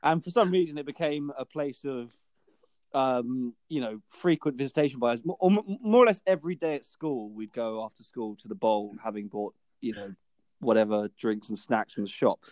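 Young man, mid pitch, chatty and hesitant podcast co-host, dry close sound. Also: normal speed, darkish tone, dry recording. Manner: chatty, hesitant with fillers and restarts. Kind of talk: casual chat.

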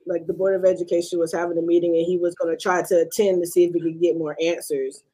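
A woman's voice: lowish voice, flat delivery, fast, dark tone, breathy edge, poor audio. Emphatic conversational woman co-host. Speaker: podcast co-host. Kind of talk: casual chat.

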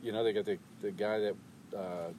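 A man's voice: fairly low pitch, fairly even intonation, brisk, darkish tone, a little hiss or hum. A man in his fifties in casual chat, laid-back, laughing often and trailing into asides.

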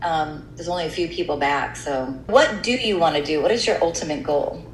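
A middle-aged American woman with a lowish voice talks shop in a relaxed, candid way. She sounds like a seasoned radio host chatting. The room is roomy and echoey, with faint noise underneath. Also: fairly quick. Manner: candid, relaxed, frequent "you know". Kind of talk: casual chat.

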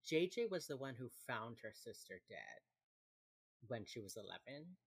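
Very low-voiced chatty young woman. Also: sing-song, a little slow, husky. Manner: chatty, laughs often, acts out quoted lines. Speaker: podcast co-host recapping a TV episode. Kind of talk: casual chat.

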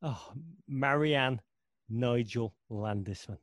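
A man's voice: mid-range voice, takes it slowly, no echo, studio quality. A man hosting a podcast, answering listener questions in a wistful, rambling, emphatic way. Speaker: podcast host.

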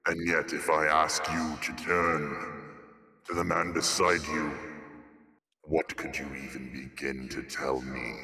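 A man voicing a colossal, ancient elephant-man keeper of lore, with a deep, sonorous voice and slow, grave speech. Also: level tone, long reverb tail, over music. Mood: probing.

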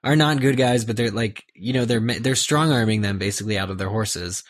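Low-voiced guy on a book podcast, talks in fits and starts, restarts a lot. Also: no echo, clean studio sound. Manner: halting, restarts often. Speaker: podcast co-host. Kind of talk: casual book discussion and reading aloud.

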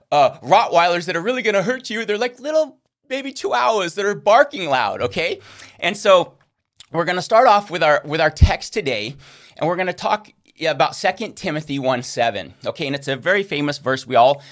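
This man's voice sits high and sounds a bit bright. He teaches a recorded Christian course lesson earnestly, often checking in with listeners by asking "okay?"

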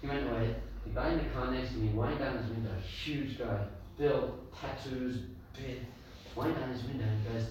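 Man, rabbi teaching a class, lively storyteller, far-off mic, booming echo, steady background noise. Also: normal speed, few pauses. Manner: animated storyteller, acts out voices, laughs with listeners. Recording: echoey room, far from mic, noisy.

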